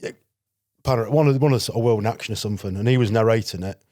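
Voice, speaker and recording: A man's voice: lowish voice, rapid-fire, dark tone, no room sound, clean studio sound. A man from North Yorkshire with a Yorkshire accent, a podcast guest telling stories of his past in a chatty, anecdotal way and acting out quoted exchanges. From North Yorkshire, England. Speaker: guest, former legionnaire. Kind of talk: casual storytelling interview.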